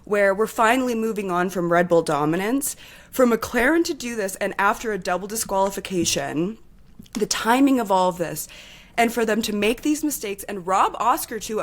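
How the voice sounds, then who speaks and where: A woman co-hosting a podcast in casual chat, talking with heated, impassioned energy and swearing freely. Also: medium pitch. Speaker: podcast co-host.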